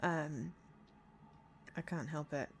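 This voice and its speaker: A woman's voice: on the low side, lively intonation, a little slow, a little hiss or hum. Sleepy, rambling woman streamer. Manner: rambling, self-correcting, giggly. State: sleepy, yawning. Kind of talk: casual gameplay commentary.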